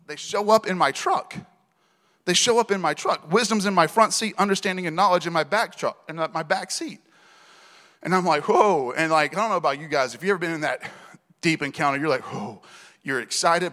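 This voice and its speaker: A man preaches to a congregation with a fairly high voice. He tells his stories in an animated way, acting out the dialogue and laughing as he goes. The sound carries a long hall reverb. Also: fast. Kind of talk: sermon storytelling. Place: church hall.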